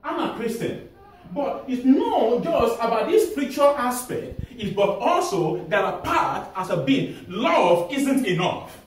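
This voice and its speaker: A man with a Nigerian accent preaches in a high, lively voice, calling out questions for the congregation to answer. His words ring through a big echoey church hall, picked up from a distance with faint ambient noise. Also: measured pace. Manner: animated, asks the audience to fill in answers, laughs often. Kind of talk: sermon.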